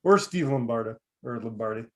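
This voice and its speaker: A man's voice: mid-range voice, animated, a little fast, darkish tone. A man co-hosting a casual podcast, giving short, blunt replies and swearing now and then. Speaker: podcast co-host. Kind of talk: casual chat.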